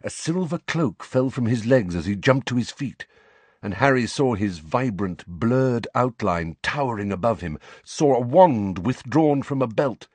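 A man reading a novel aloud as an audiobook narrator, with dramatic, expressive storytelling. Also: medium pitch, measured pace, husky, no echo. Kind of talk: scripted narration.

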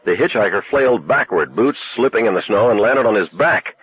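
A man narrating a novel as an audiobook in a steady, measured way. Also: on the low side. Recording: tinny narrow-band recording.

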